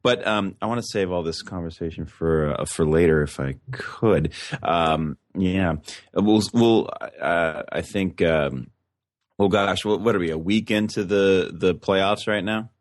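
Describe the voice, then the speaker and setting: Young male co-host, very low voice, dry close mic, joking, halting delivery. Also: no echo. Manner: joking, halting with many restarts. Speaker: podcast co-host. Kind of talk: casual chat.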